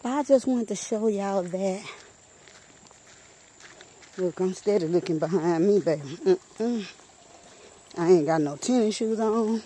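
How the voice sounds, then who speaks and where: A woman's voice: mid-range voice, animated, a little slow, long pauses, warm tone, slight background noise. A woman chatting casually to her viewers while walking a nature trail outdoors, out of breath and talking into a handheld phone. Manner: chatty, keeps addressing viewers as y'all. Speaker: vlogger.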